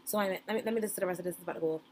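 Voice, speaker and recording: A woman's voice: on the low side, rapid-fire, dark tone, a little hiss or hum. Chatty woman reacting to reality TV. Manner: chatty, talks straight to viewers, slangy and playful. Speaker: reaction streamer. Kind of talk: casual reality-TV reaction commentary.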